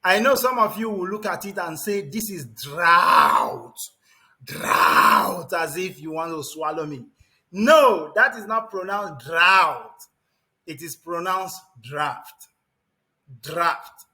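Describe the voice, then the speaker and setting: A man teaching English pronunciation to a class, repeating words slowly and emphatically and calling on students by name. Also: sits high, lively intonation, bright, forceful tone. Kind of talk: classroom lesson.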